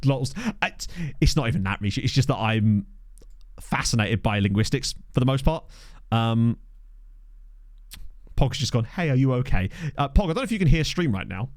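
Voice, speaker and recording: Brief: young male streamer from England, animated pitch, dry close desk mic, chatty live commentary over gameplay. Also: moderate pace, long pauses, dry recording. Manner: chatty, answers chat, lively pitch swings. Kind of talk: casual chat while playing. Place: home streaming setup. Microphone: desk microphone.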